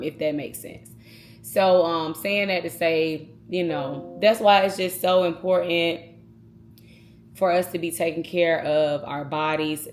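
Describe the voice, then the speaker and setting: A woman's voice: low voice, a little hiss or hum. A woman talking casually and earnestly to her viewers in a vlog, speaking straight to them. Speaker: vlogger.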